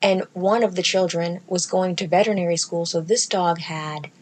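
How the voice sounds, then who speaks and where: A woman podcast host telling a comedic story in casual chat, profane and sassy, with animated delivery. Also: fairly low pitch, normal speed. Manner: profane, animated, sassy delivery with mocking baby-talk impressions.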